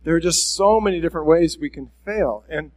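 A man's voice: on the high side, a little fast, darkish tone. A man preaching a conversational sermon at a church service, speaking candidly and directly to his listeners with self-deprecating honesty. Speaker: pastor.

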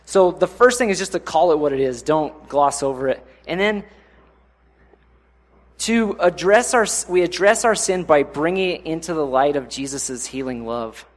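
A young man preaches in a relaxed, conversational way, his voice pitched a bit higher than most men's. He often breaks into short, louder acted-out voices before settling back into an easy, talky delivery. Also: moderate pace. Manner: conversational, acts out inner voices with sudden louder bursts. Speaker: pastor. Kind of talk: sermon.

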